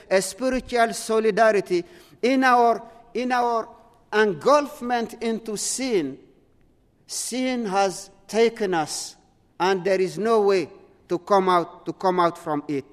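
A man's voice: high-pitched, unhurried, big-room sound. A man preaching a sermon, earnest, often repeating words and restarting his sentences.

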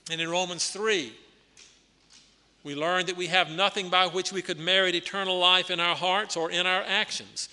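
Bright-voiced male preacher in a hall. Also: high-pitched, steady tone. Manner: deliberate, emphatic teaching with frequent restarts and throat-clearing. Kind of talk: sermon. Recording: long reverb of a large hall.

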